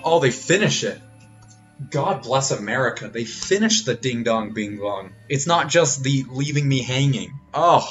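Game streamer, man, crude jokey riffs, very animated pitch, over game music. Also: moderate pace. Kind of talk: live gameplay commentary.

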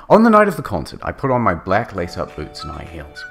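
A man's voice: low voice, wildly swooping pitch, fairly quick, gravelly, few pauses, fairly bright tone, faint music behind. A man narrating a comedic dramatic reading, mock-dramatic with sardonic asides.

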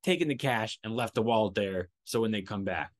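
A man's voice: on the low side, fairly quick, dry recording. Casual storytelling man, dry close sound. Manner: animated, profane storytelling with acted-out quotes. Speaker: podcast host.

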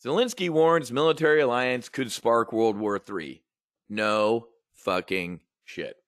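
Speaking slowly in a mid-range, slightly bright voice, an options trading show host gives casual market and news commentary. His take is blunt, rambling, and profane. The recording is studio quality with no echo.

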